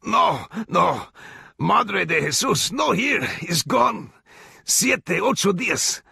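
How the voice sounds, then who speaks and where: Man doing a strangled old man in his sixties, Spanish accent, gasping and pleading, pitched high, loud, husky, audiobook. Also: sing-song, slow, dry recording, studio quality, exaggerated voice. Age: 60s. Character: old male town official being hanged, gasping and pleading.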